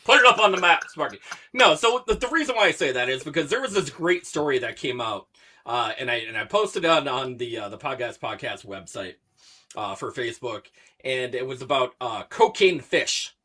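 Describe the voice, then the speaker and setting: A man hosting a podcast, rambling through a story with many fillers and drawn-out words. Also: mid-range voice, expressive, bright, forceful tone. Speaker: podcast host. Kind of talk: casual podcast chat.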